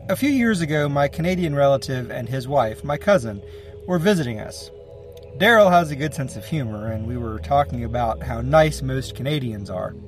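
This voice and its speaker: A man hosting a fiction podcast, giving a casual, wry intro and announcements. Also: mid-range voice. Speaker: podcast host.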